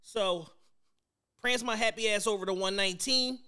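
A man co-hosting a podcast, telling a story in casual chat, animated and profane, acting out other people's lines. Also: high voice, moderate pace, smooth. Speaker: podcast co-host.

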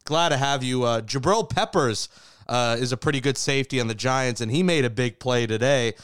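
Guy hosting a sports podcast, smooth voice, dry close sound, cracks wry jokes. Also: medium pitch, a little fast, fairly bright tone, no echo. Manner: wry, joking. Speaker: podcast host.

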